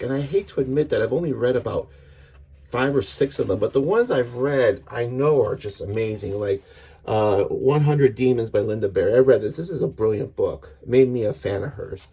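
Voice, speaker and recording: Earnest, husky-voiced man reviewing comics. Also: medium pitch, expressive, moderate pace, warm tone. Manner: earnest, rambling, restarts often. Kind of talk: casual book review.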